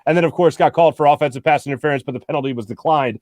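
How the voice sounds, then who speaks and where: A man hosting a postgame sports talk show, animated and rambling, often restarting his sentences. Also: fairly high pitch, rapid-fire, dry recording, clean studio sound. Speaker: host.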